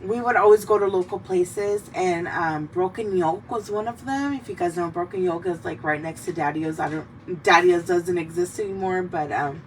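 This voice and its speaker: A woman's voice: lowish voice, moderate pace, hardly any pauses. Rambling, foul-mouthed young woman host. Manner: rambling, swears freely, heartfelt. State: tearful in places. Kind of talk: casual chat while drinking. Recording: mic a bit distant, faint background noise.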